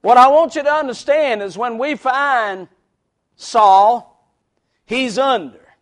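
Very high-voiced, slow preaching man. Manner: reads scripture in old-fashioned biblical wording, then comments; slows and swells in volume on key words. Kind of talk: sermon.

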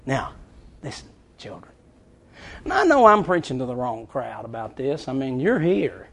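A man's voice: medium pitch, sing-song, moderate pace, creaky, a bit bright, husky. A male pastor preaching a sermon in a frank, folksy way, with chuckling asides.

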